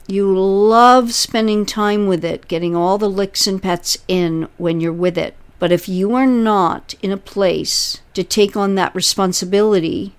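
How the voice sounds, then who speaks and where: A woman coaches a listener with firm, emphatic delivery at a mid pitch. She leans on analogies to make her points land. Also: fairly even intonation, measured pace, few pauses, clear, resonant tone. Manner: emphatic, explains through analogies. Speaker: relationship coach and host.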